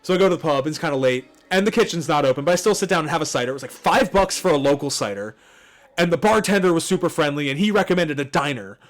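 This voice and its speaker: A man's voice: on the high side, animated, quick pace. A man co-hosting a podcast movie watchalong, telling stories in casual, profane chat and laughing often. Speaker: podcast co-host.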